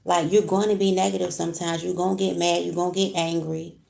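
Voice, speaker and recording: Chatty woman reading tarot cards, gravelly voice. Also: on the low side, little pitch movement, fast talker, a little mellow. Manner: chatty, talks straight to viewers with slang. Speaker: tarot card reader. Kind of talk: casual live tarot reading. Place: home room with heat on.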